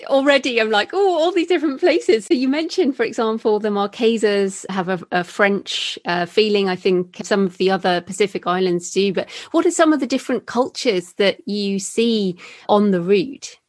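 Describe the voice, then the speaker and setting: A woman's voice: medium pitch, normal speed, dry recording. Woman host with a dry close sound. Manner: curious, asks follow-up questions. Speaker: podcast host. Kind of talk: conversational interview.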